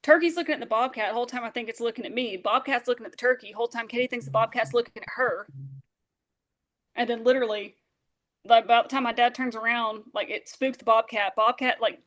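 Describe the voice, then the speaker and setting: A woman, a podcast guest telling a lively story and acting out the voices of those in it. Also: fairly high pitch, brisk. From Southern Alabama. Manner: animated, acts out dialogue, many fillers. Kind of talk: storytelling in casual interview.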